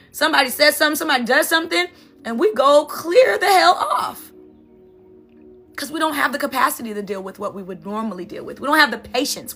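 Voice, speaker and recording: A woman's voice: high-pitched, sharp tone. A woman NLP coach and sound healer giving an emphatic, conversational motivational talk, often checking in with "right?".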